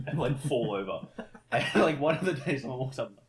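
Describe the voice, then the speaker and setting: A man's voice: medium pitch, animated, normal speed, slight background noise. A young man chatting on a podcast, telling stories animatedly, swearing freely and laughing along as he talks. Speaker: podcast co-host. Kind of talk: casual chat.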